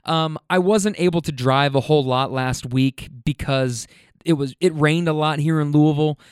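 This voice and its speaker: Smooth-voiced man telling funny stories. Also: fairly high pitch, normal speed, no room sound, clean studio sound. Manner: laughing, animated, stumbling restarts. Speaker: rideshare driver and show host. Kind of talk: casual storytelling. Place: Louisville.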